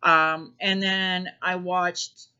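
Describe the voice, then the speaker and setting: A woman telling a personal story in a halting way, with many ums and restarts. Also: fairly low pitch, level tone, sharp tone, smooth. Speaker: spiritual vlogger. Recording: dull lo-fi recording.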